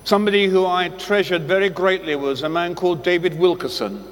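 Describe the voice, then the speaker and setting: Preacher man, high voice, unhurried dramatic sermon delivery, long echo in a church hall. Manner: slow, deliberate storytelling with dramatic pauses. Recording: long echoey hall reverb.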